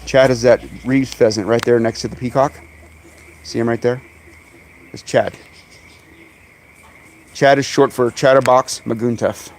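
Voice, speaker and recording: Man, casual live-stream chat, mid-pitched voice, outdoors, phone mic, faint bird noise behind. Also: darkish tone. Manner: chatty, talks to his birds in high coaxing calls. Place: outdoors in a bird yard on a sunny day. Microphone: phone camera.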